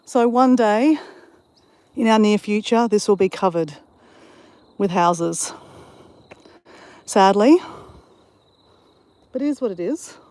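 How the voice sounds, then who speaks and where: A woman's voice: mid-range voice, slow pace, long pauses, darkish tone. A woman chatting on a live stream while out on a bush walk, rambling and greeting viewers in the chat, on a handheld phone mic. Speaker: vlogger.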